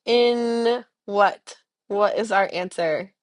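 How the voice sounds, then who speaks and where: A young woman teaching a French lesson, explaining patiently in English and modeling phrases slowly and clearly for students to repeat. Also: medium pitch. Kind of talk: recorded language lesson, repeat-after-me drills.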